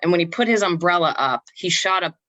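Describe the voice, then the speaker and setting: Low, bright young woman co-host; chatty, restarts sentences; dry close sound. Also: lively intonation, fast, no echo, low-quality recording. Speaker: podcast co-host. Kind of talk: casual chat.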